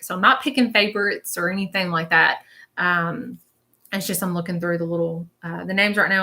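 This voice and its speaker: A woman's voice: fairly low pitch, sharp tone. A woman leading a live-stream reading as a spiritual medium, chatty and reassuring, often checking in with her viewers.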